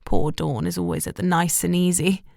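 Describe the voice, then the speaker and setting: A woman's voice: fairly low pitch, level tone, normal speed, vocal fry, a little mellow, dry recording, studio quality. A woman reading the part of a bitter, disapproving middle-aged mother in an audiobook, clipped and reproachful. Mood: tart.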